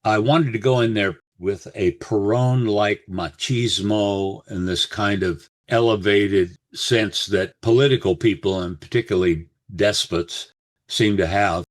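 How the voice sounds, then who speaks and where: Low-voiced older man telling stories. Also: unhurried, dry recording. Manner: reflective, anecdotal, quotes others in voices. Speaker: actor guest. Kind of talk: storytelling interview.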